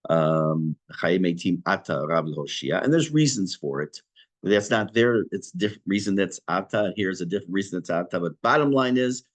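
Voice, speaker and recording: Low-voiced, animated male rabbi teaching. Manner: explains Hebrew prayer words with English translations; lively teacher's delivery, rising on key words. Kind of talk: online Torah class.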